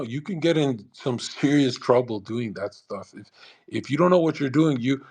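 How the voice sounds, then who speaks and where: A brash man hosting a live audio chat, talking fast and profanely and mocking others with put-on voices. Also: medium pitch, slightly rough. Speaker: host of a live audio space.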